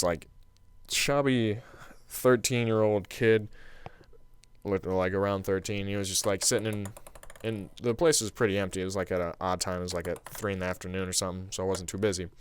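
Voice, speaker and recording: A young man with a slightly low voice tells a long, meandering story while he plays a game. His delivery is loose and casual, padded with "um" and "like." He sounds like a regular channel host chatting to viewers. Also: fairly even intonation, brisk, slight background noise. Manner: casual and meandering, heavy on fillers like "um" and "like". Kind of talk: rambling storytelling over gameplay commentary.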